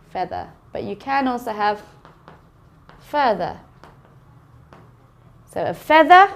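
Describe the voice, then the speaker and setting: A woman teaching an English phonics lesson, sounding out words slowly and carefully for learners. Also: a little high, a bit bright. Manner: slow, careful enunciation of sounds.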